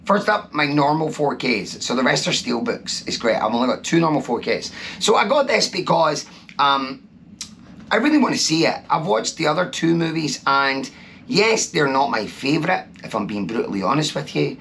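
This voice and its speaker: A man's voice: on the high side, expressive, moderate pace, gravelly, a bit bright. Chatty Scottish man vlogging over noise. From Scotland. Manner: chatty, enthusiastic, rambling with fillers. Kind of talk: casual chat to camera. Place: out and about, then indoors in a cabin. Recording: noisy background.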